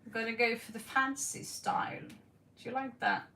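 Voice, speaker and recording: A woman's voice: fairly high pitch, fairly even intonation, normal speed, creaky, pushed and bright, roomy sound, distant mic, a little hiss or hum. A woman reading tarot on a live stream, playful, giggly and rambling, recorded in her own room. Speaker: tarot reader.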